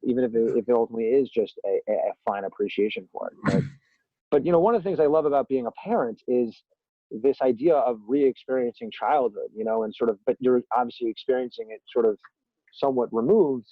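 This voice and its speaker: A man telling long, animated stories in an interview, full of asides and self-aware tangents. His voice sits at a medium pitch and sounds dry and close, with no room around it. The audio is a little dull and muffled. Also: fast, dry recording. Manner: long-winded, animated storyteller with many asides. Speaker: podcast guest, TV executive. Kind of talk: conversational interview.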